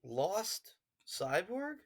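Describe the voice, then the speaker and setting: A man playing in a tabletop game, relaxed with dry humor. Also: sits high, drawn-out words. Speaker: player.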